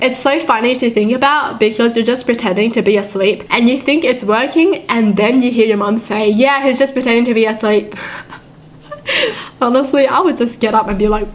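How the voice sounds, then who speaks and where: A young woman with a somewhat high voice reads stories aloud for her channel and reacts to each one. She is giggly and expressive and often breaks into laughter. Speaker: YouTube reaction host.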